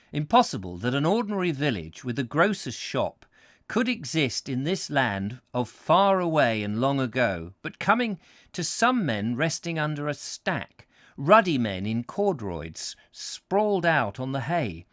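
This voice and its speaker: A man's voice: mid-range voice, big pitch swings, unhurried, a bit bright, no echo, studio quality. A man hosting a live book reading, reading expressively and breaking off for casual asides. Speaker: host, book reader.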